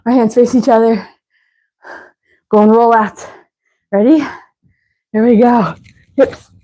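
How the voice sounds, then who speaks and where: A woman's voice: fairly high pitch, steady tone, slow, dark tone, low-quality recording. A woman leading a live workout as fitness instructor, counting reps and cueing stretches while out of breath. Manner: counting reps, breathy and winded between cues.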